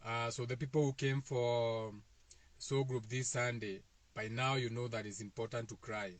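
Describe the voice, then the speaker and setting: A man's voice: medium pitch, steady tone, moderate pace, no echo. A man with a Kenyan accent hosting a casual spiritual self-help talk for viewers, speaking in a loose, repetitive way with many fillers. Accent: Kenyan, Kikuyu-speaking.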